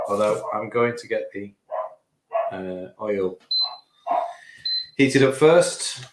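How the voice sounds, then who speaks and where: A man's voice: lowish voice, noisy background. Male host, casual and rambling, for a live kitchen stream with a room echo. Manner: rambling, self-correcting, chatty. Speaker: host of a cooking livestream. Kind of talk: casual live cooking chat. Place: home kitchen.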